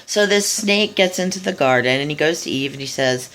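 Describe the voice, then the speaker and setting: Brief: woman, slightly low voice, casual monologue, blunt and scornful, swears freely. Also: lively intonation, fairly bright tone. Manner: fast, loose, with frequent restarts and asides. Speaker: speaker giving a talk. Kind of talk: casual monologue retelling a story.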